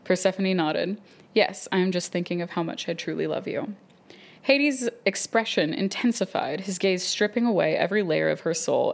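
Young woman, podcast co-host, low-pitched with a gravelly edge, reading romance passages aloud steadily.

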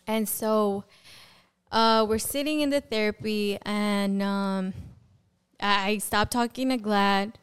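A young adult woman, a podcast guest, giving a personal testimony in a lively conversational way and acting out the words of people in her story. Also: on the high side, a little slow, smooth. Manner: animated storyteller who acts out quoted dialogue and fills with "like".

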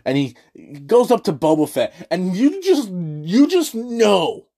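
Fairly high-voiced guy raving about an old movie, swears a lot, trips over his words. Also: takes it slowly. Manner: excitable, gushing, swears freely, lots of restarts. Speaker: movie review host. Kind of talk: casual movie review.

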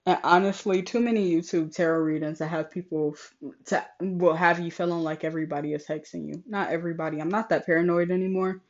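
A woman's voice: lowish voice, fast talker. Exasperated young woman venting frankly. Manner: frank and exasperated, heavy swearing, animated retelling. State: sore throat. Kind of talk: casual venting vlog. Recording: slightly dull lo-fi recording.

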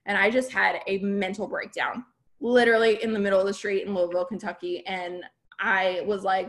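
A woman speaks to a live group in a candid, heartfelt motivational talk. Her voice sits at an ordinary middle pitch. She stresses her points with emphasis and keeps checking that her listeners follow. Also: little pitch movement, brisk, fairly bright tone. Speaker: podcast host and business coach.

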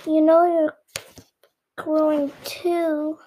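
A child voicing a young girl in a storybook, reading aloud slowly. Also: high-pitched, flat delivery, mellow, poor audio. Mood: plain. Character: curious young girl growing larger.

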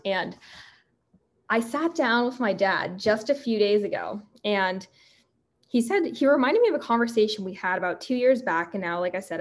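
A woman in her early twenties from Pennsylvania, hosting a solo podcast and telling a personal story with lively, acted-out dialogue. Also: mid-range voice. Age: 20s. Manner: animated storyteller, acts out quoted dialogue. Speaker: podcast host and fitness coach.

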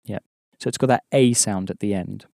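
A man's voice: lowish voice, normal speed, creaky, warm tone, dry recording, studio quality. A man teaching an audio language course, patiently explaining and prompting the learner to answer.

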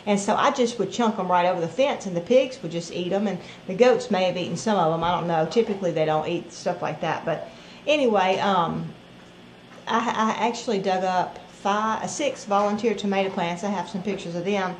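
A woman's voice: lowish voice, a little fast. A woman chatting in a rambling, easygoing way about her farm chores. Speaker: co-host of a farm channel. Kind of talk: casual chat. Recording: roomy echo with faint noise.

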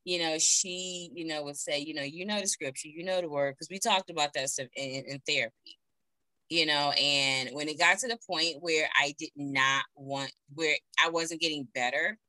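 Low, bright-voiced woman, very dry sound. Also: fairly even intonation, moderate pace, no room sound, poor audio. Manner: earnest, heartfelt, with many fillers. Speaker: guest. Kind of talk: personal story in a remote interview. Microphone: video call.

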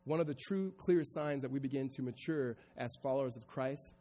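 A pastor preaching a sermon to a congregation, moving from quiet reflection to raised, emphatic delivery. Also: male voice, medium pitch, brisk, long reverb tail. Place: church sanctuary before a congregation.

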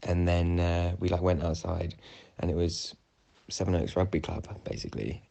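A man's voice: low voice, flat delivery, normal speed, gravelly, dark tone, lo-fi sound. A young man, casually retelling a dream, rambling with many fillers and restarts. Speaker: podcast co-host.

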